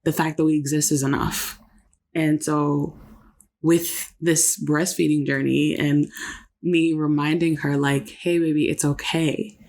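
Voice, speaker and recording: A woman's voice: sits low, flat delivery, unhurried, darkish tone. Woman on a couples podcast, chatty and reflective, talks about faith. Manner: reflective, faith-filled storytelling. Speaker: podcast co-host. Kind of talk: casual chat.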